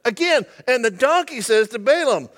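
A man's voice: extremely high pitch, animated, moderate pace, a bit bright. A male pastor giving a humorous, conversational sermon, often asking the audience questions.

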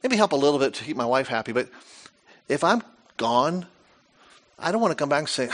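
Animated preacher with a bright voice. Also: male voice, mid-range voice, fairly quick, long pauses. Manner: animated, dramatic storytelling with rhetorical questions. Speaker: pastor. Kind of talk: sermon.

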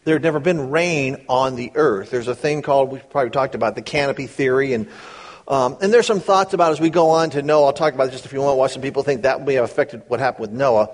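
A middle-aged man preaching a sermon, reading scripture slowly and then explaining it in quick, casual asides. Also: mid-range voice. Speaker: pastor.

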